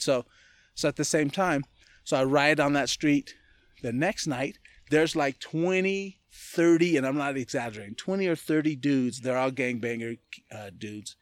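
A man from California, a podcast guest, telling a personal story in a loose, animated way and often laughing as he talks. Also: medium pitch, dry recording. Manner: animated, acts out other people's lines in quick voices. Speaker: podcast guest, martial arts gym owner. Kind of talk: casual storytelling.

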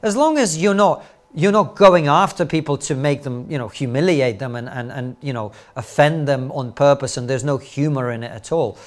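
A middle-aged man, a comedian and commentator talking as a podcast guest, an animated storyteller full of quick asides and rhetorical questions. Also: mid-range voice. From Soviet Union, raised later in Britain. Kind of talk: podcast interview.

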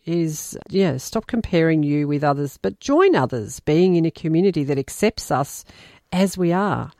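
A woman co-hosting a relaxed talk show, agreeable and chatty. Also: sits low, normal speed, dry recording, clean studio sound. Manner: lively and agreeable, many short affirmations. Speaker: podcast co-host. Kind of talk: casual chat.

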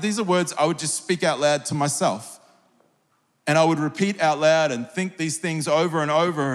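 High-voiced pastor preaching in a hall. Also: male voice. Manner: earnest, personal storytelling, rising to fervent prayer. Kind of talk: sermon. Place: large church hall. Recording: long hall reverb.

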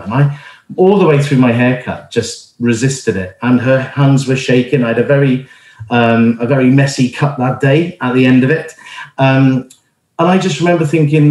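A man's voice: mid-range voice, normal speed, a little mellow. A middle-aged man giving an informal sermon, telling a personal story in an earnest, conversational way with many fillers and restarts. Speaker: church planter and speaker. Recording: roomy echo.

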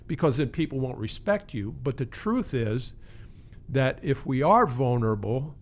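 Earnest man, mid-pitched pastor. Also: expressive, moderate pace, a little hiss or hum. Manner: earnest, reflective, with frequent restarts. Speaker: pastor and pastoral care teacher. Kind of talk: conversational interview.

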